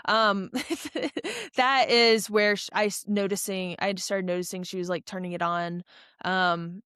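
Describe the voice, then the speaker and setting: A woman's voice: mid-range voice, a little slow, a bit bright, clean tone, no room sound, clean studio sound. A young adult woman, a podcast guest, telling a long story in a casual, rambling way with lots of fillers and restarts. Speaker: podcast guest, ultra runner.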